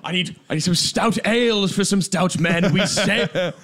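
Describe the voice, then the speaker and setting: A man's voice: sits high, normal speed, fairly bright tone, voice pushed up. A man doing an old-fashioned, pompous voice of a hearty seafaring man.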